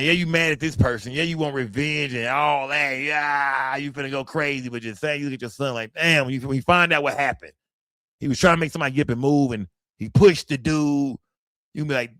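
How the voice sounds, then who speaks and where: A man's voice: a little high, fast talker, sharp tone, no echo, studio quality. A man hosting a livestream, giving blunt, profane commentary and talking straight to his chat. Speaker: livestream host.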